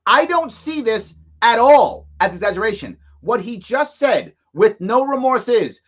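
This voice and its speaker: A man's voice: very high-pitched, very animated, a little slow, hardly any pauses, fairly bright tone, highs cut off. A man hosting a live commentary show, mocking and sarcastic as he reacts to a press conference. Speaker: host.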